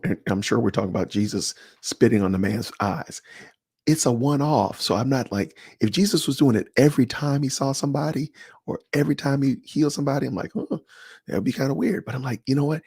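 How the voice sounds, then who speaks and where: A man hosting a livestream, chatting casually and answering viewers by name in an animated, slangy way. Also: medium pitch, slightly rough, no room sound, studio quality. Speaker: livestream host. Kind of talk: casual livestream chat reading comments.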